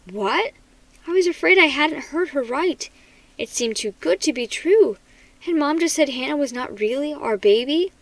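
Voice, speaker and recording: A woman reading a children's horror book aloud in an expressive, dramatic manner. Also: sits high, moderate pace, no room sound, rough recording. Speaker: storybook reader.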